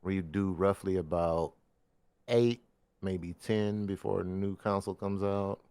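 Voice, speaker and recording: Low-voiced blunt joking man. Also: fairly even intonation, measured pace, warm tone, smooth, no echo. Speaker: podcast co-host. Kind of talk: casual gaming podcast chat.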